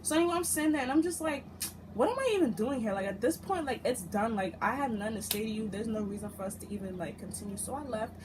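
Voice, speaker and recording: A young woman tells a storytime vlog in a fairly high voice, animated and cursing freely as she acts out what everyone said. The recording is noisy, with a clear hum of background noise under her voice. She sounds like she is talking straight into a camera at home. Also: fast talker. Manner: animated, profane, acts out quotes. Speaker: storytime vlogger.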